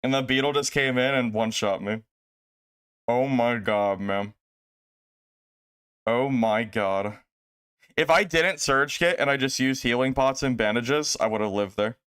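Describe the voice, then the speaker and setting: A man's voice: medium pitch, measured pace, long pauses, fairly bright tone, smooth, no echo. A man streaming a video game live, commenting with exasperation and talking to his chat. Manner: exasperated, lamenting, talks to chat.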